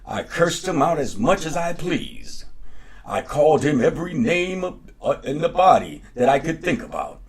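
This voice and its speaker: A man's voice: mid-range voice, sing-song, measured pace, husky, pitched above the performer's own voice. A man voicing a sly, boastful enslaved trickster who drawls out his brags in a raised voice.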